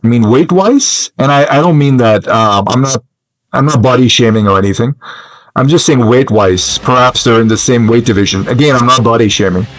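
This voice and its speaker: A man's voice: mid-range voice, normal speed, no room sound. Musing male gamer with lots of fillers. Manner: hesitant, musing, many fillers. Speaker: gamer commentator. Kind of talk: casual gameplay commentary.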